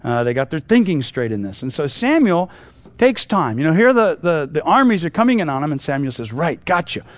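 A man's voice: fairly high pitch, sing-song, a little fast, no room sound. A man teaching through a Bible passage in a casual, conversational way, with lots of asides and restarts.

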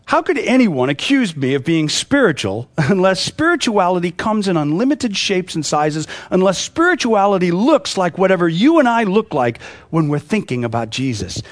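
A male pastor delivering a casual, chatty sermon. His voice sits high and swings widely in pitch as he talks, and he laughs easily between points. The sound is dry and close. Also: no echo. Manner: animated, conversational, laughs often.

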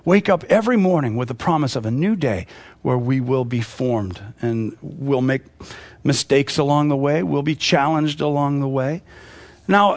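A man preaching a sermon in a conversational, animated way, laughing now and then as he talks. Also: fairly high pitch, no echo. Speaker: pastor.

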